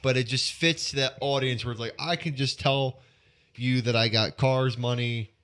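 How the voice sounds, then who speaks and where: A man's voice: mid-range voice, fairly even intonation, normal speed, fairly bright tone. A man co-hosting a podcast, talking in a casual, rambling way with a nasal voice and lots of swearing. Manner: rambling, profane, joking. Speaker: podcast co-host. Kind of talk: casual chat.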